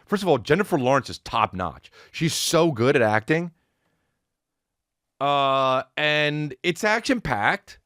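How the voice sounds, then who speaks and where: Animated, rambling male podcast host. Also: on the high side, takes it slowly, dry recording, studio quality. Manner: rambling, profane, animated, breaks into sung snippets. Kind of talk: casual comedic rant.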